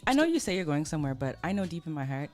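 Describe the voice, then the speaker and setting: A woman with a Toronto accent co-hosts a loose radio chat. Her voice sits on the low side but swings widely as she jokes and teases. Faint music plays in the background. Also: racing. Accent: Canadian, Toronto. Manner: animated, joking, teasing. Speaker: radio co-host.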